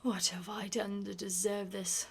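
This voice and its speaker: A woman's voice: medium pitch, little pitch movement, unhurried, creaky, a little hiss or hum. A woman whispering as a raging old duke. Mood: despairing. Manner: blustering, shouting in bursts. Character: stern, furious old duke obsessed with bloodline. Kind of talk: whispered role-play.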